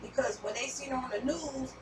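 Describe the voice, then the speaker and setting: A woman's voice: high-pitched, brisk, recorded from a distance, a little hiss or hum, low-quality recording. A woman giving a casual tarot reading, rambling and repeating herself, with some swearing. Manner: rambling, repetitive, profane. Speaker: tarot reader.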